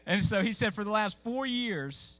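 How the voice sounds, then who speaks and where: A man preaching in a church, his voice sitting a little high for a man. He tells the story in a loose, folksy way, stopping for fillers and starting lines over. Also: expressive, moderate pace, fairly bright tone. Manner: folksy, conversational, with frequent fillers and restarts. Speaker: pastor. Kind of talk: sermon storytelling. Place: church sanctuary.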